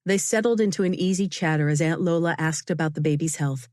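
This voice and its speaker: A woman narrating a novel in a measured, expressive reading. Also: low-pitched, no room sound. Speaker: audiobook narrator. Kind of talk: scripted narration. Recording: dry, close studio sound.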